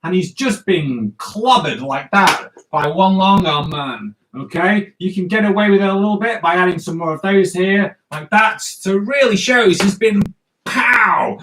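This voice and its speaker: High-voiced man, playful comics teacher, jokey, chats to viewers while drawing. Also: lively intonation, moderate pace, few pauses, a bit bright, slight background noise. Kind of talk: live drawing lesson for kids.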